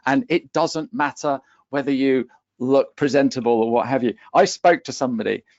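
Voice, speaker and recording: A man's voice: mid-range voice, moderate pace, a little mellow, no room sound, highs cut off. A man with a West Country accent coaching on a webinar panel, emphatic and driving his points home with "okay?". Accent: West Country English. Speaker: LinkedIn coach for accountants.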